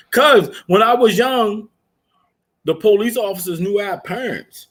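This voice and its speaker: A man's voice: high voice, animated, unhurried, a bit bright, slightly rough. A man on a casual podcast, telling stories with lots of swearing and laughing as he goes. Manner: storytelling, profane, laughs while telling. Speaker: podcast co-host. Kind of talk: casual chat.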